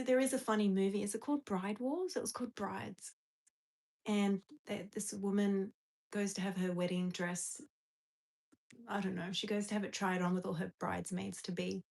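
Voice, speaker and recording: A young woman hosts a relaxed live stream, talking straight to her viewers. She giggles often and rambles, stopping and restarting her thoughts mid-sentence. Her pitch sits in an ordinary middle range. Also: creaky, rough recording. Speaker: livestream host. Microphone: phone or webcam on a live stream.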